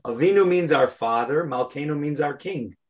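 A man teaching a weekly class on prayer, speaking deliberately and stressing key words as he explains them. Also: a little high, expressive. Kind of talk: religious class lecture.

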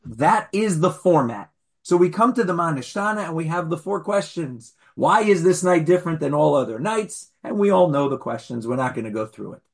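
A man, a rabbi, teaching a class in an animated, conversational way with playful asides to his listeners. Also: fairly high pitch, moderate pace, creaky. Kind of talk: conversational lecture.

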